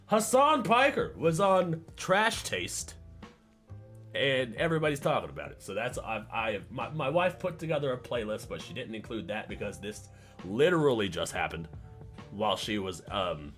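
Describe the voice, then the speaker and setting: A man's voice: medium pitch, very animated, normal speed, fairly bright tone, faint music behind. A man livestreaming and chatting casually with his viewers, rambling, stammering and repeating words, laughing often and getting sidetracked.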